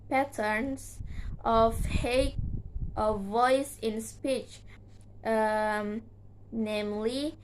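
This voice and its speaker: Young woman student, Indonesian native, very slow hesitant reading, slightly high voice, faint hiss. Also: poor audio. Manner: slow, halting delivery with frequent "uh" fillers and restarts. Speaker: student presenter. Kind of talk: reading a class presentation.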